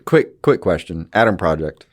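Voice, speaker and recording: A man's voice: sits low, expressive, normal speed, no room sound, studio quality. A man co-hosting a podcast in casual chat, rambling and hesitant, joking around. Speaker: podcast co-host.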